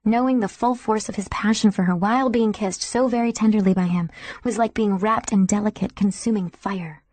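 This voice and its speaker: Woman audiobook narrator, soft and intimate with a mellow, breathy tone and a dry sound. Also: medium pitch, steady tone, a little fast, no room sound. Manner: soft, intimate, sometimes whispering.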